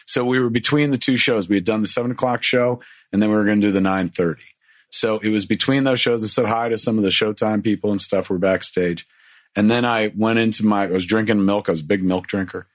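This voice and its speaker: A man's voice: on the low side, steady tone, fast talker, dry recording, studio quality. A man casually telling a long story with lots of swearing, acting out what people said. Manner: profane, rambling, acts out quotes.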